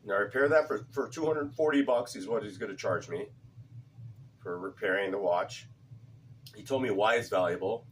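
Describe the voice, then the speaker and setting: A cigar vlogger chats casually, rambling along, repeating words and swearing every so often. His voice is lowish and moderately paced, captured on a distant mic with slight background noise.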